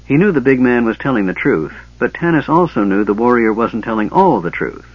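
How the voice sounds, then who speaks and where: A man narrating an audiobook in a measured, steady storytelling voice. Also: medium pitch, slightly rough, no echo. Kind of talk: scripted narration. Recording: dull lo-fi cassette audiobook.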